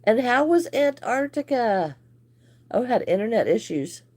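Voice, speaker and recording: A woman's voice: fairly high pitch, big pitch swings, a little slow, darkish tone. A woman hosting a casual crochet livestream, chatting and greeting viewers by name with frequent laughs.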